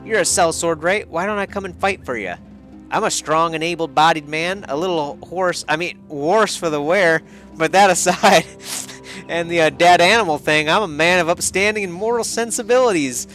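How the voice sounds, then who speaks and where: A man's voice: fairly high pitch, normal speed, fairly bright tone, soft background music, pitched above the performer's own voice, close to an everyday voice. A man voicing a shameless, beaten male drifter in a put-on hillbilly accent with a folksy, brazen drawl.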